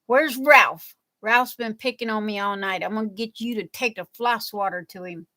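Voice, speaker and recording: Chatty, bright-voiced woman live streamer. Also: medium pitch, normal speed. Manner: chatty and playful, with frequent laughs. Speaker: livestream crafting host. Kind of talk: casual live chat reading viewer comments. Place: home.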